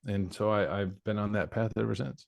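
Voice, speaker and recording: A man's voice: lowish voice, steady tone, moderate pace, vocal fry, no room sound. A man in his forties, a podcast guest telling his life story in a candid, reflective way. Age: 40s. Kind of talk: personal life story in conversation.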